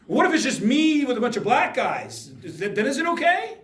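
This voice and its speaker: A man's voice: very high-pitched, wildly swooping pitch, brisk, hardly any pauses, a bit bright. A man giving an emphatic motivational talk to students in a school hall, firing rhetorical questions at the audience. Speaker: speaker addressing students. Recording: echoey room from far off.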